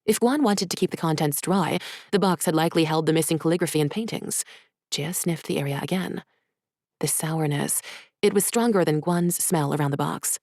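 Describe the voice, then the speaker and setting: A woman, an author, reading her own short story in soft, measured, hushed narration. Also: deep voice, dry recording, clean studio sound.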